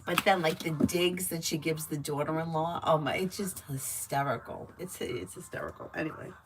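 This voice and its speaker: Over a noisy background, a deep-voiced woman reads tarot live at a normal speed. She's giggly and talkative, filling the gaps between readings with animated stories.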